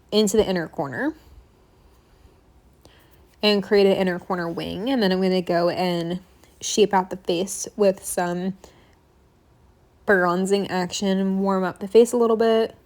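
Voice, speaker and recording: A woman's voice: mid-range voice, darkish tone. A young woman talks through her makeup steps in a loose, rambling voice-over recorded at home. She fills gaps with "like" and "um", wanders into side stories, and sounds a little short of breath. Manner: chatty, rambling, frequent fillers and asides. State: slightly out of breath. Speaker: makeup vlogger. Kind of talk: casual voice-over tutorial. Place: home apartment room.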